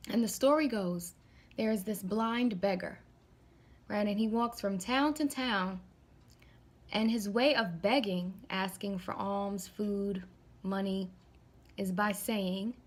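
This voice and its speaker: A woman's voice: mid-range voice, slow pace. A woman vlogging, retelling a spiritual story in a casual, conversational way, often checking in with the viewer.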